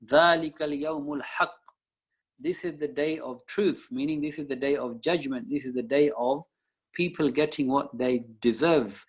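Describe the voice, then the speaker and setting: A man's voice: medium pitch, moderate pace, darkish tone, husky, poor audio. A man teaching a Quran lesson, reciting verses and explaining each one in English. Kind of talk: Islamic study lecture.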